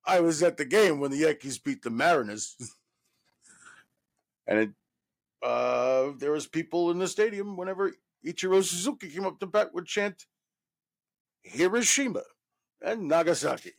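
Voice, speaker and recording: A man in his thirties from New York, a guest actor telling a profane, animated story full of fillers. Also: a little high, moderate pace, vocal fry. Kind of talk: casual anecdote telling.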